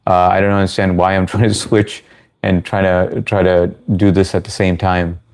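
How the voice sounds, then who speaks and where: A man in his thirties with a deep, low-pitched voice hosts a casual livestream. He answers chat questions in a loose, friendly, rambling way, often restarting his sentences. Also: level tone, normal speed, darkish tone. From United States. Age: 30s. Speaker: livestream host.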